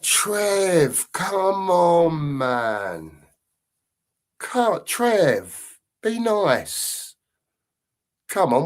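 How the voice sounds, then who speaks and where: A man hosting a casual livestream, reading out viewer comments and bantering with them by name. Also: medium pitch. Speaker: host.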